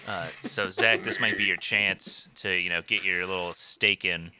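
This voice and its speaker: A man co-hosting a casual podcast, reading wine and cheese pairing notes in a laid-back way with many pauses and fillers. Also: low voice, steady tone, background noise. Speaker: podcast co-host. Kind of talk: casual chat.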